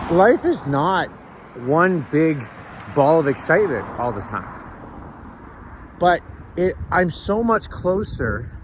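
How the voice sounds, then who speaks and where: A man's voice: fairly high pitch, slight background noise. Reflective man vlogging outdoors. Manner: reflective, rambling with many restarts and "right?" tags. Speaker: sober vlogger. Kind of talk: casual walking vlog monologue. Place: outdoors on a city street at sunrise.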